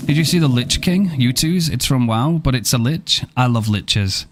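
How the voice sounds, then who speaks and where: A man's voice: mid-range voice, animated, moderate pace, a little hiss or hum. Chill guy streaming a game, joking around and thanking chat, voice bouncing up and down a lot. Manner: playful, joking, thanks viewers by name; swears casually. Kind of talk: casual live-stream gaming chat.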